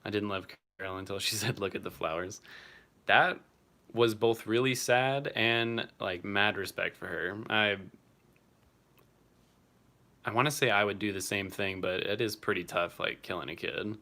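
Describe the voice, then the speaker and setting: A man's voice: fairly low pitch, measured pace, sharp tone. A young man casually chatting on a livestream, answering viewers by name and swearing now and then. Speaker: streamer reading live chat.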